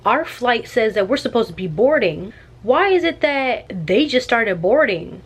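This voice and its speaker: A young woman telling an animated, chatty travel story in a casual vlog. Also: fairly high pitch, unhurried, breathy edge. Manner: animated and chatty, with slangy asides. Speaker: vlogger.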